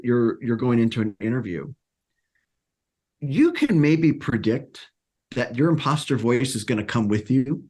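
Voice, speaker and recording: A man career coach talking casually as a podcast guest, animated and acting out quotes, with frequent restarts. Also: a little high. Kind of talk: casual interview talk.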